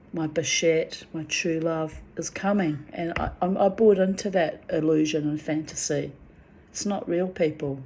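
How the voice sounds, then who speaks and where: A woman's voice: deep voice, warm tone, slight background noise. A woman speaking in a raw, emotional monologue, venting and swearing about love and men. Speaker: spiritual vlogger.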